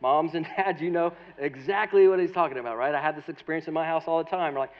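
Male pastor, 30s, high-voiced, conversational sermon, slightly dull recording. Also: fast, hardly any pauses. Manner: conversational, animated, storytelling with asides.

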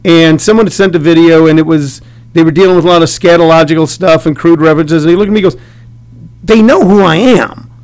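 A man's voice: a little high, fairly even intonation, very fast, darkish tone, clean tone. A middle-aged man hosting a casual interview, rambling and joking with many restarts. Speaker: radio host interviewing comedians.

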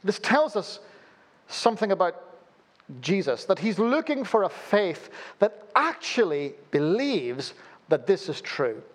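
This man preaches as a pastor, very animated and a little slow, mixing in humorous anecdotes before suddenly dropping to a quiet, low tone.

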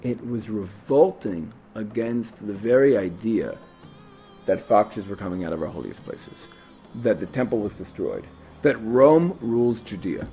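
Animated man teaching a Torah lesson. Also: on the low side, a little slow, faint music behind. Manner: storytelling, animated with many restarts and asides.

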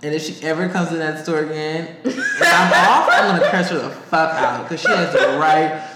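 A man co-hosting a podcast, telling a work story in a casual, profane, animated way. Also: moderate pace, heavy background noise. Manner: animated, profane, high-pitched when quoting others. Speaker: podcast co-host. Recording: echoey room.

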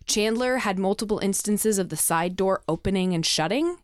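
A woman's voice: moderate pace, no room sound, studio quality. Young woman telling ghost stories, swearing freely. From Texas. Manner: animated, swears freely, acts out quoted people in a higher voice. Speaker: podcast speaker. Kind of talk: casual storytelling.

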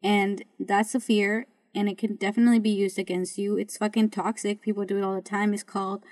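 A woman's voice: mid-range voice, level tone, brisk, darkish tone. A woman hosting a podcast in a casual monologue, blunt and full of swearing, rambling with restarts. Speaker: podcast host.

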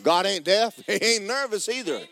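A man preaching a sermon, joking with the congregation and breaking into loud shouts. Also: high voice, lively intonation, moderate pace. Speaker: pastor.

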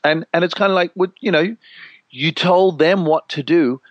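A man in casual spiritual conversation, telling stories with animated swings and freely dropping swear words. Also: on the high side, moderate pace, no echo, dull audio. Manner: animated storyteller, swears freely, mimics voices for effect.

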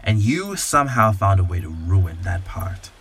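A man's voice: low voice, sing-song, gravelly, fairly bright tone, husky, exaggerated voice. A man doing a cold, commanding villainess. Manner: contemptuous, slow and measured.

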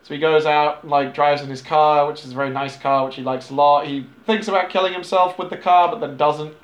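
A man recapping a movie plot in a casual, rambling, profane way, sometimes dropping into quick character voices. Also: fairly high pitch, steady tone. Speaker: podcast host recapping a film. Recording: echoey room.

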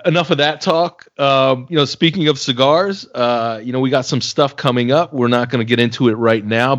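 A man's voice: fairly low pitch, no room sound, highs cut off. A man hosting a sports podcast, chatting casually and wrapping up the episode in an easygoing way. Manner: easygoing, chatty, wraps up show. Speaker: podcast host.

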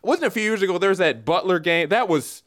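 A man co-hosting a casual sports talk show, animated and incredulous. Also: high voice, fairly quick. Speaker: podcast co-host.

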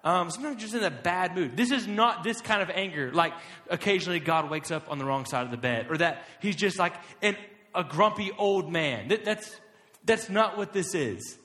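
A young man preaching a casual sermon, talking conversationally and stretching key words slowly for emphasis. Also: high voice, lively intonation, bright, forceful tone. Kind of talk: casual sermon to a live audience. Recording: long hall reverb.

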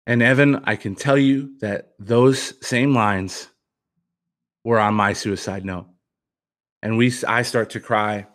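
A man who is a former pitcher and author, telling a personal story as a podcast guest in an earnest, reflective way, often restarting sentences. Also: steady tone, takes it slowly, fairly bright tone.

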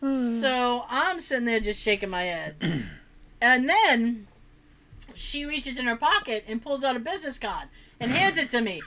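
A woman telling a funny family story in a casual, animated way, swearing freely and laughing often. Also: a little high, a little slow.

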